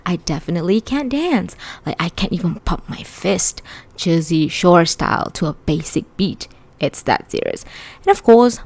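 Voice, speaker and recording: A woman's voice: lowish voice, a little mellow, no room sound. A woman reading a first-person audiobook aloud in a conversational, wry teenage-narrator delivery. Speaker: audiobook reader.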